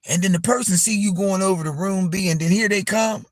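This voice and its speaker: Man, live-stream host, slightly high voice, dry close sound, repetitive profane storytelling. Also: fairly quick, no room sound. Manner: animated, repetitive and profane, addressing viewers as y'all. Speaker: livestream host.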